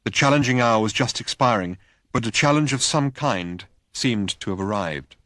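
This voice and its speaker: A man narrating an audiobook in a wry, measured reading voice, recorded in a studio. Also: mid-range voice, lively intonation, pushed and bright, dry recording.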